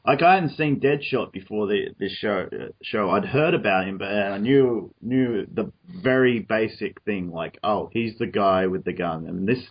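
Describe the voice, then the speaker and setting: Rambling Australian man, husky low voice. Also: moderate pace, hardly any pauses, muffled recording. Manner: rambling, many restarts and fillers. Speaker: podcast host. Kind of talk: casual discussion over an online call.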